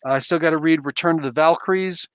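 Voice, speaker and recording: A man in a relaxed livestream, answering viewer comments in a chatty, easygoing way. He laughs often and jokes at his own expense. His voice sits a little high, and the sound is dry and close to the mic. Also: fast, clear, resonant tone, dry recording. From Canada. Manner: laid-back, laughs often, self-deprecating. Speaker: livestream host. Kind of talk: casual chat reading viewer comments.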